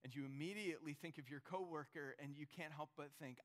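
A man's voice: fairly high pitch, fast, hardly any pauses. A man preaching a sermon to his congregation, earnest and storytelling, speaking straight to the listeners. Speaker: pastor. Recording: long reverb of a large hall.

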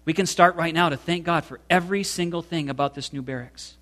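A serene, devout woman prisoner speaks softly and matter-of-factly, as a man reading a memoir aloud gives her voice. Her voice sits a little high and stays calm and quiet. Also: fairly quick, close to an everyday voice.

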